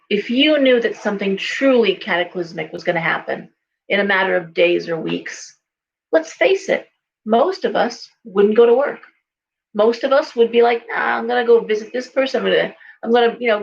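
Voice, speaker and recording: A gravelly, mid-range female voice comes through a muffled recording. She's a psychic shop owner and host from California, in her forties, talking casually to camera as a chatty storyteller who acts out the voices of the people she quotes.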